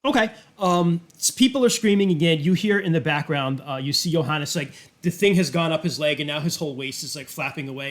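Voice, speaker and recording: A man's voice: a little high, a little fast, hardly any pauses. A man narrating a tabletop game as game master, loose and hesitant with many fillers.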